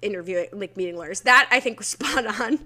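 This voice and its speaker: A woman co-hosting a podcast, leading a casual episode recap with quick talk and frequent laughs. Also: medium pitch, expressive, sharp tone. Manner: quick, laughing, leads the discussion. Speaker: podcast co-host.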